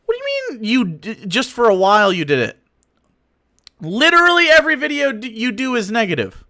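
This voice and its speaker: Bright-voiced sarcastic male streamer. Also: very high voice, wildly swooping pitch, fairly quick. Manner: sarcastic, profane and mocking. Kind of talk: live-stream reaction commentary.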